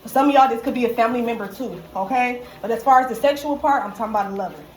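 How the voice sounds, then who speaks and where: A woman with a fairly high voice gives a casual tarot reading to viewers. She is slangy and profane and keeps punctuating her points with "okay?" The recording sounds echoey, with faint noise in the background. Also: rapid-fire. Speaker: tarot reader.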